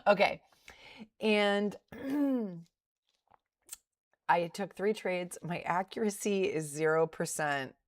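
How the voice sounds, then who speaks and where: Middle-aged woman trader on a live stream, deep and measured, laughs off her losses. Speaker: day trading livestreamer. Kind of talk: casual livestream commentary.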